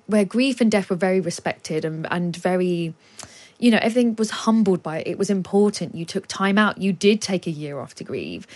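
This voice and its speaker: A woman, a guest author, talking at length in a radio studio with lively explanations and laughs. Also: mid-range voice.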